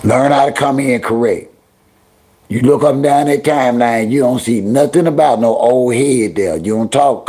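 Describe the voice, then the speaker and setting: Gravelly middle-aged man scolding his chat. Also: medium pitch, warm tone. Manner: talks straight to viewers and chat, scolding; heavy slang, drawling repetitions. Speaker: livestream host. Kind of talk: casual livestream commentary.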